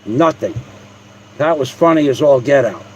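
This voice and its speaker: A man's voice: medium pitch, expressive, moderate pace, lo-fi sound, a little hiss or hum. A man hosting a livestream at home, talking in a mocking, profane, rambling way with restarts. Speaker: livestream host. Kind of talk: casual livestream rant.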